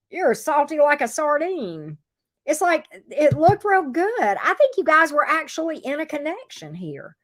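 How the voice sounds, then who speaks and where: A woman giving a casual tarot reading, chatting straight to her viewers, teasing them playfully and repeating her phrases. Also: high voice. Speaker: tarot reader.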